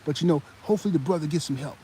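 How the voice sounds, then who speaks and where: A man doing an impression of a preachy male TV sports pundit, by turns measured and scolding. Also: on the high side, slight background noise, natural voice, rough recording. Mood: calm, measured. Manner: measured and calm, then loud and scolding.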